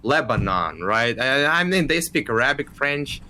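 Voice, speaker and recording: Bright-voiced, hesitant man. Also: medium pitch, sing-song, measured pace. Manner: hesitant, restarts and repeats words. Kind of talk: casual podcast chat.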